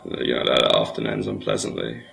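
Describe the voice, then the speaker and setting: An actor playing a meek, dazed young man who believes he is a fork, speaking earnestly and deadpan in a mockumentary. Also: extremely low pitch, brisk, creaky, full character voice, rough recording. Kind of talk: mockumentary acting. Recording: music playing loud behind the voice.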